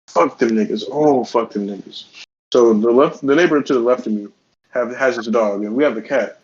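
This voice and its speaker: Fast-talking profane man on a podcast. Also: mid-range voice, a little mellow, dull audio. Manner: profane, heated storytelling. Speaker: podcast co-host. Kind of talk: casual podcast chat.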